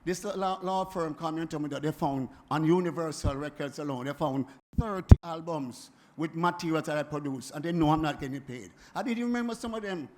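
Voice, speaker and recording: A Jamaican man in his seventies, speaking at a forum in an animated, emphatic way that keeps circling back and repeating itself. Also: fairly high pitch, brisk, few pauses, a little hiss or hum. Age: 70s. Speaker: music producer speaking at a forum. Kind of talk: impassioned spoken address.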